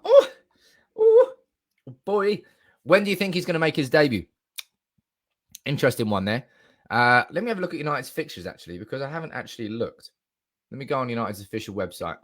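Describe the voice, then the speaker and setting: A young man, medium in pitch, speaks quickly but leaves long pauses while live streaming as a football fan. Indoors at a desk mic, he chats excitedly, reads comments aloud, and swears with bursts of shouting.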